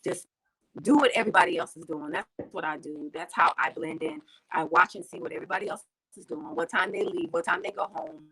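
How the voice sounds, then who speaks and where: A woman's voice: lowish voice, big pitch swings, a little fast, a bit bright, slightly rough, low-quality recording. A woman from the United States speaking as an interview guest, chatty, with frequent fillers and restarts. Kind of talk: casual interview talk.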